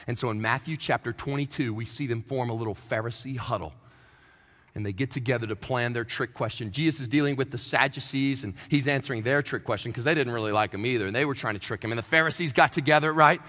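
A man, a pastor, preaching a sermon with joking asides, moving between quiet talk and shouting. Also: mid-range voice, fast talker. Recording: echoey hall.

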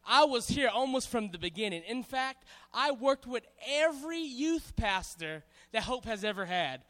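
A man from Hawaii with a Pidgin and Southern-tinged accent, giving a loud, playful church youth talk with call-and-response. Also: extremely high pitch, lively intonation, normal speed. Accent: Hawaiian Pidgin mixed with Southern US. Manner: loud, playful, hyping up the crowd. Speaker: guest speaker at church youth service. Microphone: stage microphone on a cable. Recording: long reverb from a large hall.

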